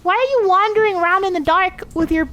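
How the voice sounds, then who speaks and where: A woman's voice: very high voice, fast, a bit bright, a little hiss or hum. A young woman streamer reacting to a scary video with sarcastic, incredulous commentary. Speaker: VTuber reaction host.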